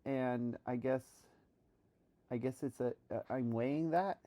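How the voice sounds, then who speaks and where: A woman from New York thinking aloud in a reflective solo monologue, halting with many restarts while she practices a trained voice. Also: rumbling low, mellow. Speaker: vlogger.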